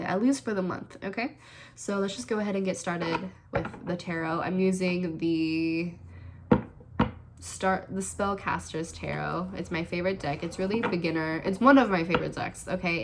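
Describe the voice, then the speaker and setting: A young woman giving a casual tarot reading to camera, chatty and reassuring, breaking into giggles. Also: mid-range voice. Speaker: tarot reader.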